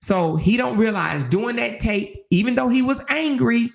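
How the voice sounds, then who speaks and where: A woman's voice: a little high, normal speed, creaky. An older woman hosting a casual livestream chat, talking emphatically and preaching, with lots of "you know" asides. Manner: preachy, emphatic, rising into exhortation; conversational, full of "you know". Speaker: channel host.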